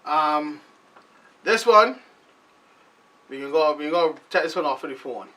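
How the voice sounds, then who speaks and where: A man's voice: on the high side, a little slow, far from the mic. A man with a Barbadian accent, hosting a show in a loose, rambling casual commentary monologue. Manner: loose, rambling, animated delivery. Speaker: show host.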